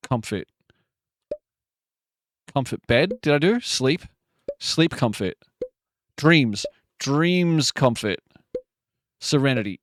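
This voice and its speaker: A man streaming a word game live, muttering guesses to himself with sudden excited outbursts. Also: mid-range voice, takes it slowly, long pauses, no echo, clean studio sound.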